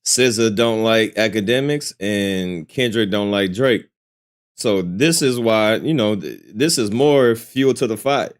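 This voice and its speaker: A man's voice: fairly low pitch, animated, a little slow. A man casually commenting on a livestream, reacting and explaining. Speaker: streamer reacting to a clip.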